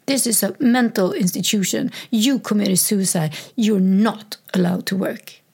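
A woman's voice: medium pitch, extremely slow, vocal fry, warm tone, slightly rough, full character voice. A woman reenacting a harsh, angry female psychiatric ward doctor who scolds and swears. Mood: furious scolding.

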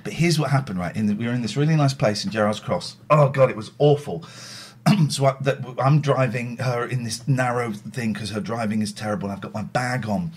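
A man's voice: mid-range voice, brisk, husky. A middle-aged man hosting a casual livestream, telling rambling, self-mocking stories and swearing freely. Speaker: livestream host. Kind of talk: casual chat.

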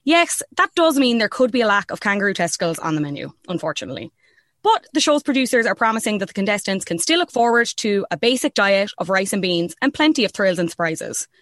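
A woman's voice: medium pitch, big pitch swings, quick pace, fairly bright tone, no echo. Chatty woman host, dry sound. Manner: chatty, enthusiastic, questioning. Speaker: podcast host. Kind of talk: casual chat.

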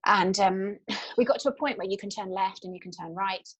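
A woman, a guest telling a personal story in an interview, candid and halting with frequent fillers and restarts. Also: medium pitch, breathy edge, rough recording.

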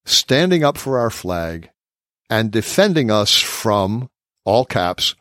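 A man's voice: on the low side, big pitch swings, slow pace, a bit bright, no echo, studio quality. A man hosting a political discussion podcast, reading quotes from his notes and laughing often. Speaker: podcast host.

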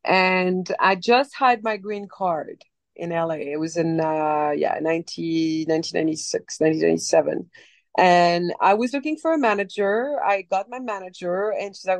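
A woman in her forties with a light French accent, telling her story as a guest in a casual interview, animated and rambling, with many restarts. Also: on the low side, normal speed, dry recording. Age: 40s. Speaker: actress guest.

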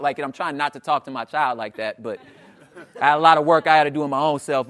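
A man from the Los Angeles area delivers a conversational sermon in a high, fast voice. He's animated and slangy, often asking the crowd "you know what I'm saying."

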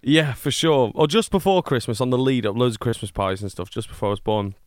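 A young man from Manchester with a Mancunian accent, chatting casually as an interview guest. His voice sits at an ordinary middle pitch, and he often laughs and restarts his sentences. The recording is dry and close to the mic. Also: a little fast, dry recording. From born in Scotland, raised in Manchester.

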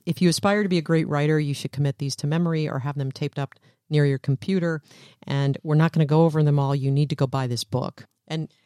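A man's voice: a little high, steady tone, quick pace, darkish tone, smooth, no room sound, clean studio sound. A man hosting a podcast, introducing the topic and guiding his guests in an upbeat way. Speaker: podcast host.

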